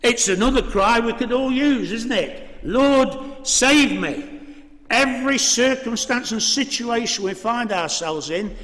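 A man preaching a sermon in a church, measured and full of rhetorical questions. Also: very high-pitched, fairly bright tone. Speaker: priest. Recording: reverberant church hall.

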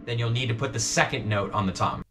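A man's voice: medium pitch, fast talker, loud music behind the voice. A man teaching a drum part in a casual walkthrough, counting beats aloud and often checking in with "okay?". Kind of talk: instructional walkthrough.

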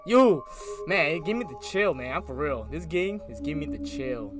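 A man's voice: fairly high pitch, animated, moderate pace. A man giving casual, slangy commentary while playing a horror game, talking to himself and easily spooked. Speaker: gaming YouTuber. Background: loud eerie game music.

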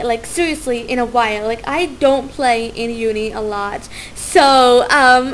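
A young woman narrating her gameplay in a high, bubbly voice, gushing about how excited she is and tripping over her words. She talks in an unhurried way, with a faint hum behind her. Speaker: let's play gamer. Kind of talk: casual gameplay commentary.

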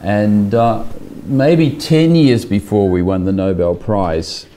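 An older man telling a casual personal anecdote, halting often on fillers and chuckling as he goes. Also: on the low side, mellow, slight background noise. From Australia. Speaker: scientist telling a personal story.

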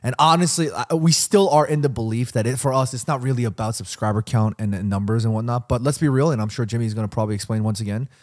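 Playful young podcast host. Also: male voice, medium pitch, fast, hardly any pauses. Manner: playful, teasing, laughs often. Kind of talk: casual chat.

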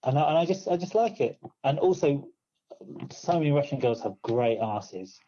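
Man, comedian guest, mellow tone, laid-back, cheeky, lo-fi recording. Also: mid-range voice, animated, normal speed. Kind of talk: casual chat.

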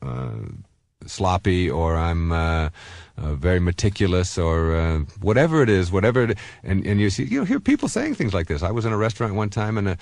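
A deep-voiced man in his fifties gives a self-help lecture and leans on personal anecdotes. He speaks in an animated, swooping way, stumbling through fillers and restarts. The recording is dry and close, with no room sound. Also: fairly quick, no room sound.

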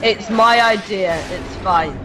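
A speaker chatting slowly while playing a shooter and drinking, tipsy and giggly. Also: medium pitch, music in the background. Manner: slow, slightly slurred, tipsy and giggly. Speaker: gamer. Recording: game gunfire noise behind.

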